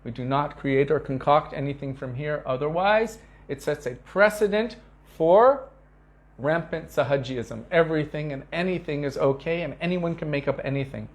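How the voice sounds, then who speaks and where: A man giving an earnest devotional talk to disciples, telling stories with emphatic repetition and acting out quoted speech. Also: normal speed. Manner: acts out quoted speech with sharp pitch shifts. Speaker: spiritual teacher.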